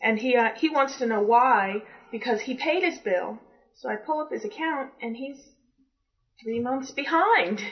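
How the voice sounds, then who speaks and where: Animated woman telling a customer-service story. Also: on the high side, measured pace, dull audio. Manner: lively storytelling, acting out the dialogue. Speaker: cable company customer service worker. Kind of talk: telling an anecdote on a talk show.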